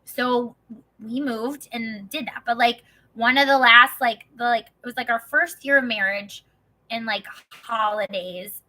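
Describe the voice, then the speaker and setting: A young woman from Wisconsin vents through a personal story in a loose, fired-up vlog. She talks in a high, very bright and sharp voice. She swears freely and strings her sentences together with "like.". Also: a little slow, poor audio. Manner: profane, heated, heavy use of "like" as filler. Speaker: vlogger. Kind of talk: casual storytelling.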